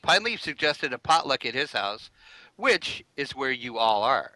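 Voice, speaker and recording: A man's voice: mid-range voice, very animated, normal speed, sharp tone, dry recording, low-quality recording. A man reading his part in a homemade play in a chatty way. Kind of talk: read-aloud fan play.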